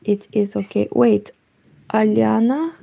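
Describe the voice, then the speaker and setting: A woman from Eastern Europe with a Romanian accent, speaking Romanian natively, chatting softly at home late at night on a knitting livestream, her voice nearly gone. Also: mid-range voice, steady tone, takes it slowly, creaky. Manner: soft-spoken, reads chat aloud. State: nearly lost voice.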